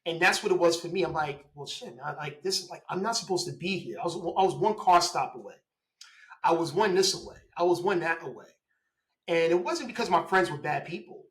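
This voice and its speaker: A man in his forties, a police officer telling his story in a casual interview, lively, laughing and acting out quoted dialogue. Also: fairly high pitch, rough recording.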